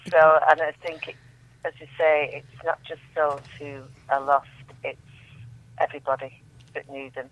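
A woman's voice: deep voice, little pitch movement, moderate pace. A woman reading her own poetry aloud as a radio guest, reciting with emotion and rising repeated refrains. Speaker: guest poet on a phone-in. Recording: tinny dry phone line.

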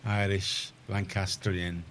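Rambling Liverpool-accented radio host, deep voice. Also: male voice, flat delivery, slow, a bit bright. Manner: rambling, self-correcting, gets heated and emphatic. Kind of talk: casual radio chat. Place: radio studio.

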